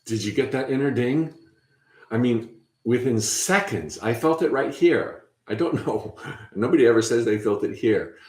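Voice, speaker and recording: A man hosting a spiritual workshop, talking in a gentle, encouraging way with frequent fillers and restarts. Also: mid-range voice, expressive, normal speed, echoey room. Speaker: workshop host. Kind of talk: guided spiritual workshop talk.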